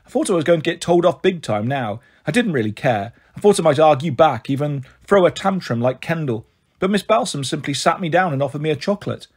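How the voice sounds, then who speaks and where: Husky-voiced male storybook reader. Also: a little high, expressive, brisk. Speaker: audiobook reader. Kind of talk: storybook narration.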